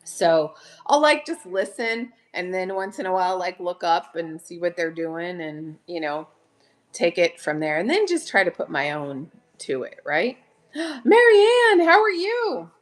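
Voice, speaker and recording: A middle-aged woman hosting a chatty live selling stream, bubbly and greeting viewers by name with excited gasps. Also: fairly low pitch, measured pace.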